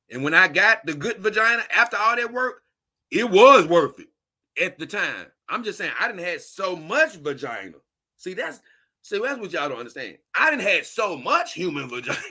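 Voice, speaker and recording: Guy hosting a stream, preachy and blunt, real sharp forceful voice. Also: high voice. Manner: blunt, preachy, slangy advice. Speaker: host reading viewer comments. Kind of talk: casual livestream talk.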